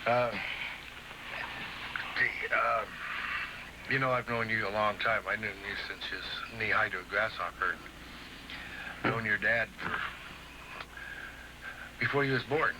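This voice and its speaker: Brief: male wrestling promoter, stammering and soothing, noisy old TV audio. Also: lowish voice. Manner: halting, stammering, placating. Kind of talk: staged wrestling promo confrontation.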